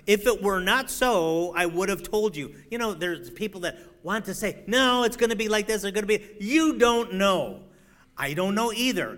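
A middle-aged man preaching a sermon, swinging between loud emphatic declarations and quiet, joking asides. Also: sits high.

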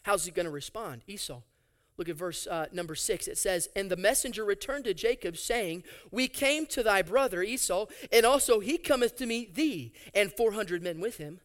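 A man preaching a sermon, reading scripture aloud and adding animated, sarcastic asides. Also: sits high, moderate pace. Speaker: pastor.

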